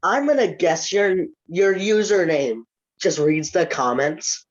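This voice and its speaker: A slow-talking teenage boy with a stuffy nose, chatting and joking on a podcast. The recording sounds dull and lo-fi, like a cheap home mic. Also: high-pitched, lively intonation. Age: teens. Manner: joking, giggly, mock-whispered bits. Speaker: podcast co-host. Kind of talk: casual chat.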